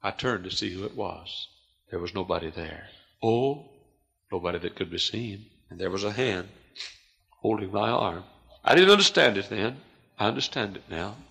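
A man preaching a sermon as pastor, swinging from hushed, quiet lines to loud, shouted climaxes. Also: fairly low pitch, lively intonation, normal speed, gravelly, husky.

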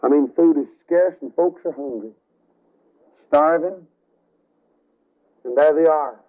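A man preaching a revival sermon, telling a story dramatically with sudden swings between loud and soft, on a tinny radio broadcast recording. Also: on the high side, slow pace.

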